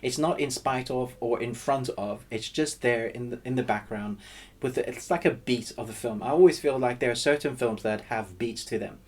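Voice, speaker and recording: A man's voice: mid-range voice, moderate pace. A man hosting his own channel, chatting casually through a movie review and thinking aloud as he goes. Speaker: film reviewer and channel host.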